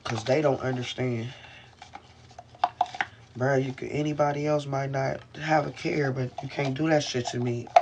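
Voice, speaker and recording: A man's voice: mid-range voice, fairly even intonation, normal speed, pauses often, heavy background noise. A man venting into his camera in a rambling, profane, frustrated way while in pain, speaking from inside a car. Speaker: vlogger.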